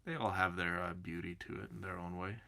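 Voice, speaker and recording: A man's voice: deep voice, steady tone, fairly quick, vocal fry, pushed and bright. A man streaming and chatting casually with his viewers, rambling and calling them by name. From Canada. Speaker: streamer answering chat. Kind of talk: casual chat.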